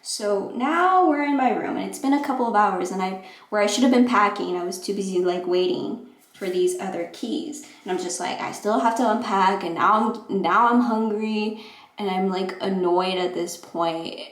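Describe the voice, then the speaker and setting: A young woman in her late teens or twenties rambles through a casual storytime, her voice sitting in the middle of the range for a woman. She keeps breaking into animated, acted-out quotes. The room around her is bare and echoey. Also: mid-range voice, moderate pace. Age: young adult. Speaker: vlogger.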